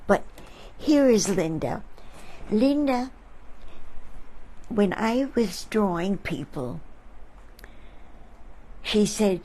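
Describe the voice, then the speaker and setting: Slow, mellow-voiced woman storyteller. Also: mid-range voice, animated, poor audio. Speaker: artist and host. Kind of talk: reflective talk to an audience.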